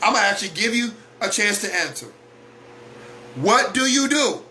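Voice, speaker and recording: Blunt, high-voiced man preaching to listeners. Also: sing-song, moderate pace, sharp tone, a little hiss or hum. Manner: blunt, preachy, repeats rhetorical questions. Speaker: host of a weekly talk broadcast. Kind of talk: motivational talk monologue.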